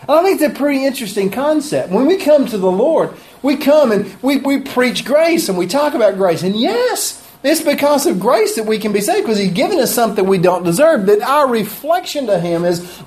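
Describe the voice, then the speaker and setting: A man's voice: very high voice, very animated, a little fast, hardly any pauses, darkish tone. A man preaching a sermon, reading scripture and explaining it earnestly with emphasis.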